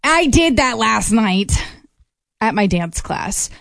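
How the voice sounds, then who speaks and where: A woman's voice: a little high, sing-song, takes it slowly, creaky, a bit bright, no room sound, studio quality. A young woman co-hosting a radio show, chatting casually and telling a story with easy laughs. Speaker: radio co-host.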